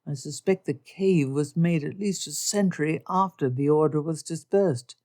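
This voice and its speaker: A woman reading an audiobook, voicing a wry, formal young gentleman in a measured, understated way. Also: low voice, lightly acted. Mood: lecturing. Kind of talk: audiobook character voice.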